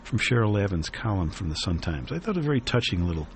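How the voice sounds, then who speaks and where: A man hosting a radio talk show, reading a newspaper column aloud in an earnest, reflective way with many pauses and fillers. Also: lowish voice, very animated, a little hiss or hum.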